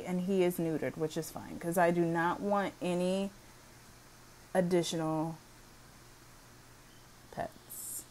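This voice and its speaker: A woman talks through her video game in a casual commentary, blunt and easily exasperated, with swearing dropped in. Her voice sits on the lower side and she speaks at an unhurried pace. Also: steady tone, a little mellow, rough recording. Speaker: gaming video creator.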